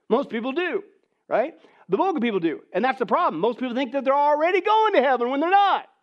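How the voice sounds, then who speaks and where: A man preaching a sermon, switching between hushed pleading and loud, incredulous questioning. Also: very high-pitched, dull audio.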